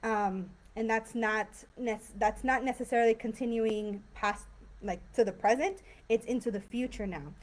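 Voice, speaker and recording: A woman leads a live online English lesson over a video call, her voice sitting a little high. She explains patiently, often pausing on fillers and checking in with a quick "right?". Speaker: English teacher. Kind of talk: live online grammar class.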